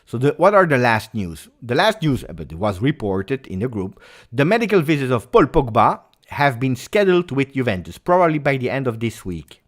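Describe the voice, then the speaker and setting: With an Italian accent, a man from Italy runs a relaxed fan-channel livestream and animatedly reads comments from viewers. His voice is medium-pitched and brisk.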